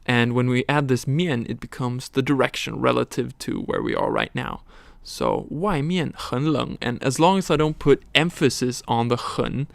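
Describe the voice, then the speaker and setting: A man teaches vocabulary in a recorded lesson, going word by word through tones and meanings. His voice has a gravelly edge. It sits at an ordinary pitch for a man, recorded dry and close with no room sound. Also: no room sound. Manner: explains words slowly with tones and examples. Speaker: language teacher.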